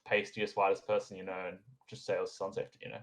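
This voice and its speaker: A man's voice: sits low, flat delivery, fast talker. A young man, a podcast guest chatting casually about graduate life, rambling a little with frequent fillers and restarts. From Australia. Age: young adult. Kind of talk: casual conversation.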